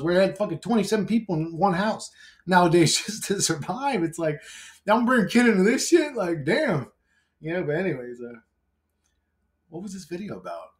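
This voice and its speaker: A man talking in a casual vlog monologue. He is brash, swears constantly, rambles and laughs often. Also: fairly high pitch. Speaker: YouTuber.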